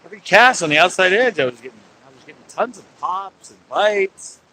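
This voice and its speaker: Man, bright forceful voice, slightly high, casual live-stream chat, outdoors on a pier. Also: animated, a little fast, slight background noise, poor audio. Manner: chatty, talks to viewers and yells at sea lions. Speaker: angler livestreaming from a pier. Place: outdoors on a fishing pier by the sea.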